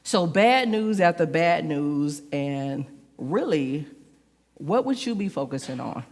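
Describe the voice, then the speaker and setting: A woman's voice: sits low, expressive, takes it slowly, a little mellow. Woman elder preaching in an echoey sanctuary, wry and chatty, then earnest. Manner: sarcastic, humorous, swings from joking to earnest. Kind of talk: conversational sermon. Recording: long reverb in a church hall.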